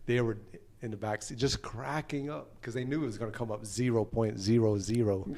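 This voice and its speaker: Lively American man telling road stories. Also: medium pitch, a little fast. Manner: animated anecdotes, acts out other people's lines. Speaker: musician guest. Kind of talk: casual storytelling interview.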